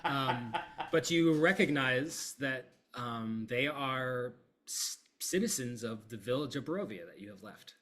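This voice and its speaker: A man's voice: medium pitch, measured pace, hardly any pauses. A man narrating as game master of a tabletop game, easygoing with lots of ums. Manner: relaxed, filler-heavy narration. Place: streaming setup, live online.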